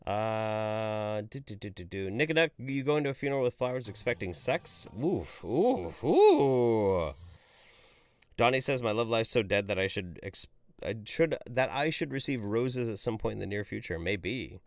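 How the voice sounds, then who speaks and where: A man's voice: lowish voice, a little slow, no echo. Guy streamer reading chat, voice all over the place, jokey n sweary, dry close mic. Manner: animated, swearing, jokey, reads chat aloud. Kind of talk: casual live-stream chat.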